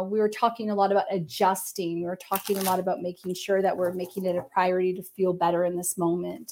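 A woman working as a medium, giving a gentle, meandering psychic reading on a live stream, with many fillers and hedges. She speaks into a computer. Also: medium pitch.

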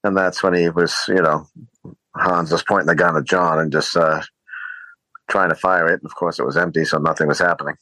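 A male podcast co-host in casual movie chat, retelling scenes with halting fillers. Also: low voice, fairly even intonation, sharp tone, dry recording, low-quality recording.

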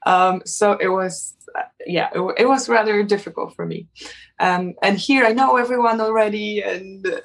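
A woman's voice: medium pitch, fairly even intonation, moderate pace. A young woman, a native Polish speaker, talking in a casual interview with many restarts and fillers. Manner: hesitant, many restarts and fillers, laughs often. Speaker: interview guest, model.

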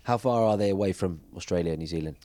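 A male host who asks direct questions and laughs along with his guest. He speaks quickly in a fairly low voice. The sound is dry and close. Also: dark tone, no echo. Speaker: podcast host. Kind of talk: casual interview chat.

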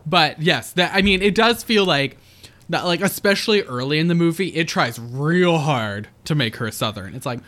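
A podcast co-host talking casually about a film, animated and laughing, full of "like" and quick asides. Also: medium pitch. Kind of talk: casual movie review chat.

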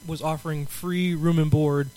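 A man co-hosting a podcast, chatting in a relaxed way and laughing easily. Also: on the high side, normal speed, slight background noise, low-quality recording. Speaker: podcast co-host. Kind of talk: casual chat.

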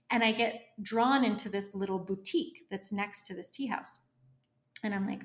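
A woman entrepreneur, a guest in an interview, telling a story in a lively, animated way and acting out her own inner voice. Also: medium pitch, a little fast.

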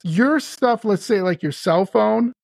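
A woman host in casual conversation, telling stories in an animated way and agreeing often. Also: mid-range voice, gravelly, dry recording, clean studio sound. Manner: animated storyteller, quick to agree.

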